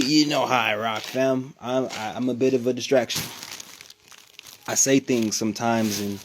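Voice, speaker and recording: A man from New Mexico hosting a casual livestream from home, talking in a profane, rambling, animated way. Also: fairly low pitch, slight background noise. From New Mexico, USA. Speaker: livestream host.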